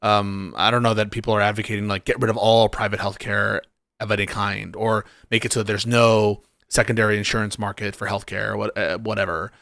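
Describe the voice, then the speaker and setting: A man's voice: lowish voice, level tone, fairly quick, gravelly, fairly bright tone, no room sound, clean studio sound. A man hosting a livestream debate, hesitant and questioning, with occasional casual swearing. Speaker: streamer host.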